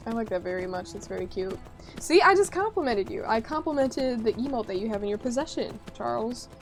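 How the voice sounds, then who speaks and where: A woman livestreaming a game, chatting casually and teasing her viewers playfully. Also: on the high side. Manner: playful teasing, banter with chat. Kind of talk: casual livestream chat while gaming. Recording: game music under the voice. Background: game music.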